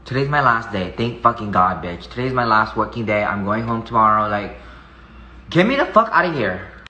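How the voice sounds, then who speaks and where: A man's voice: lowish voice, sing-song, moderate pace, pushed and bright, slight background noise, low-quality recording. A man from Hawaii talking casually into his phone for a story vlog, sassy, dramatic and full of swearing. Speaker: social media personality.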